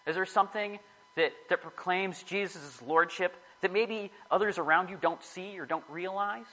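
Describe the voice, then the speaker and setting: A man's voice: sits high, normal speed, sharp tone, low-quality recording. A man giving a casual, rambling sermon to a small group, often correcting himself as he talks. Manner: rambling, self-correcting, chatty.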